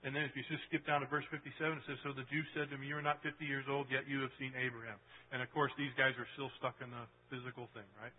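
A man preaching a sermon in a casual, conversational way, often asking the congregation "right?" and moving between loud bursts and hushed lines. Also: mid-range voice, husky. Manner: swings from loud to hushed for emphasis. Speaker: pastor. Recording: tinny phone-like sound.

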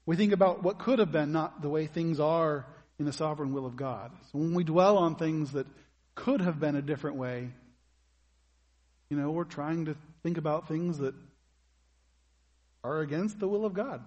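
Male pastor, somewhat high husky voice, chatty sermon with questions to the room, long hall reverb. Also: normal speed, darkish tone, highs cut off. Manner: conversational preaching, asks the congregation questions.

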